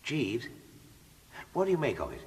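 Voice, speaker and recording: An actor playing a cheerful, dim young gentleman in a radio comedy drama, with a bumbling, indignant way of protesting. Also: mid-range voice, huge pitch swings, normal speed, vocal fry, slightly rough, full character voice. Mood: airy. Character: young male idle aristocrat, cheerful and dim.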